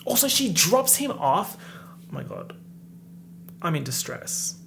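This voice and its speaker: Sarcastic, gravelly movie reviewer. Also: medium pitch, big pitch swings, a little slow, a bit bright, slight background noise. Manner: sarcastic, exasperated, swears freely. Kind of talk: comedic movie rant.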